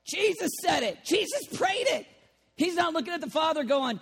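High-pitched guy preaching, voice jumps all over, long echo like a huge church hall. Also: moderate pace. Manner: animated, playful, bursts into shouting. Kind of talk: lively sermon. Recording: long reverb of a large hall.

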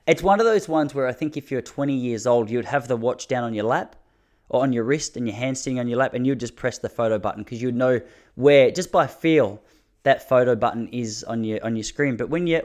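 A man telling rambling stories to his audience from his backyard, often restarting his sentences. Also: mid-range voice. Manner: rambling, self-interrupting, drops to a hushed mutter when the neighbour passes. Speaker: vlogger talking to his audience. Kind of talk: casual storytelling monologue.

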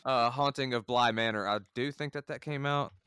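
Smooth-voiced excitable man chatting. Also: medium pitch, moderate pace, dry recording, studio quality. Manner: excitable fan, lots of "like". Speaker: podcast co-host. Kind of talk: casual chat.

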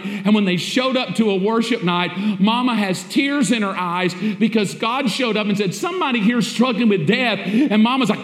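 A man preaching a sermon as pastor, emphatic and repetitive, with rhetorical questions to the congregation. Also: sits high. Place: church sanctuary. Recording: echoey church hall.

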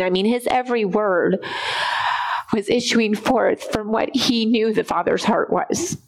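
A woman shares her faith in an earnest, reflective way. She pauses now and then as she searches for the right words, and her pitch sits in a middle range. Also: rough recording. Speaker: Bible study participant. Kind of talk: faith-sharing discussion.

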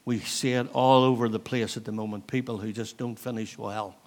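A man in his sixties, a pastor preaching an earnest, encouraging sermon in a church, pausing to let points land. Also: medium pitch, steady tone. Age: 60s. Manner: earnest, exhortative, with thoughtful pauses.

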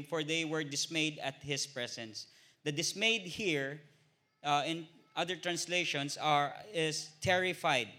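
A man with a Filipino accent leads an informal Bible study with a fairly high, bright, sharp voice. He talks in halting stretches, filling gaps with "uh" and checking in with a quick "no?". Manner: hesitant, many filler "uh"s and tag "no?".

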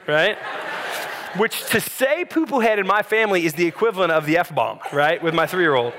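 Male preacher, high bright voice, chatty storytelling sermon. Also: brisk, slight background noise. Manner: conversational, animated storytelling with frequent "right?". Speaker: pastor.

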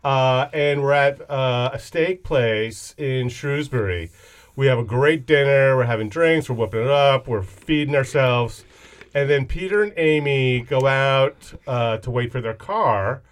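A man's voice: mid-range voice, unhurried. Playful male podcast co-host. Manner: playful, jokey storytelling. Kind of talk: casual chat.

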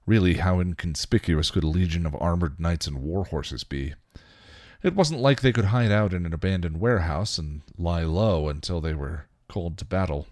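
Deep male reader, dry, for steady story narration. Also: normal speed, dry recording. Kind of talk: reading fan fiction aloud.

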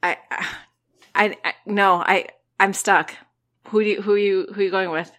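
A woman's voice: medium pitch, steady tone, measured pace, a bit bright. A woman co-hosting a casual podcast chat, dramatic, sighing and stammering as she thinks aloud. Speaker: podcast co-host.

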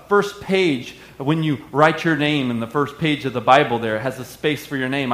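Male pastor, energetic call-and-response sermon, slightly high voice, echoey hall.

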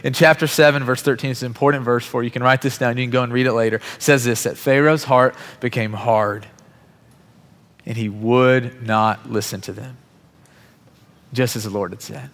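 A man's voice: mid-range voice, fairly even intonation, moderate pace, a bit bright. A man in his thirties, a pastor giving a sermon in an earnest, conversational storytelling way. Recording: long hall reverb.

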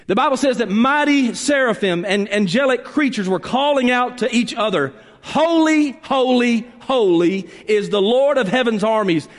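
A man preaching a sermon as pastor, swinging between emphatic calls and sudden hushed drops. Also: high-pitched. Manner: preaching with dramatic drops to a hush and rising emphasis. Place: church sanctuary. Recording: reverberant church hall.

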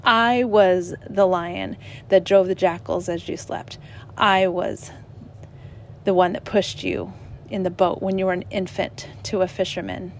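A woman voicing a wise male lion from a storybook, calm and measured as she reads his lines aloud. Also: lowish voice, a little hiss or hum. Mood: solemn. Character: wise male lion speaking gently to a boy.

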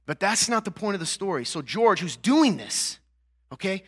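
A pastor delivers a sermon in a conversational style, frequently checking in with "right?" and "okay?" before rising to louder, emphatic peaks. His voice sits high with big pitch swings, and he speaks at a normal speed with a slightly rough texture.

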